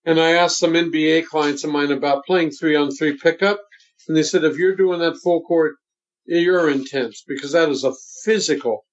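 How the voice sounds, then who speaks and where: A man in his seventies, a voice coach, talking in a deliberate and emphatic instructive way during an interview. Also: on the high side, fairly even intonation. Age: 70s. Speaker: voice coach guest. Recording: dull lo-fi sound.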